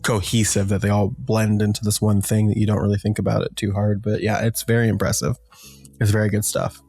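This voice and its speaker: Low-voiced man rambling about songs. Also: level tone, a little fast, creaky, darkish tone, faint music behind. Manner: rambling, many fillers, breaks into sung lyrics. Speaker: podcast co-host. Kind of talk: casual music discussion.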